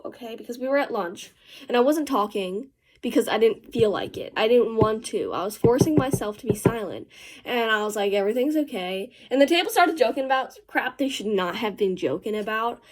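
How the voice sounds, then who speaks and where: A teenage vlogger does her makeup while telling a rambling story in a casual vlog style. Her voice is fairly high, and she tosses in slangy asides along the way.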